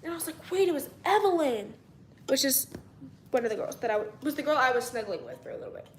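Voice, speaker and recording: A young woman with a high voice tells a story in a casual vlog, chatty and rambling. She acts out what people said and sometimes drops to a whisper. The room has an echo. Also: expressive, fast, a little hiss or hum. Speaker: vlogger.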